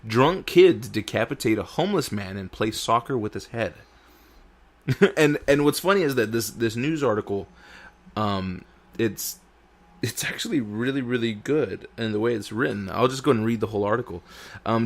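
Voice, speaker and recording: A man's voice: medium pitch, expressive, normal speed. A man hosting a casual podcast, rambling and swearing as he reads a news story aloud with his own asides. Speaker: podcast host.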